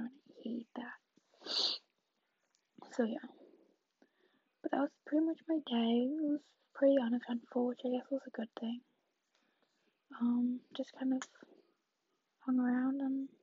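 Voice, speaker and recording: A young woman in a whispered ASMR chat, talking softly and rambling in a reassuring way, close to the mic in a dull lo-fi recording. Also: on the high side, vocal fry, slightly rough, no echo. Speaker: vlogger.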